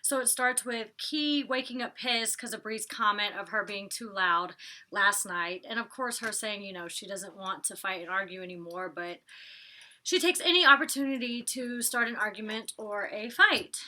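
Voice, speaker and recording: Young woman, vlogger, casual review, chatty, opinionated, very bright voice. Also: mid-range voice, moderate pace. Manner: chatty, opinionated, laughs often, many likes and ums. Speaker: vlogger reviewing a reality show. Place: home, indoors.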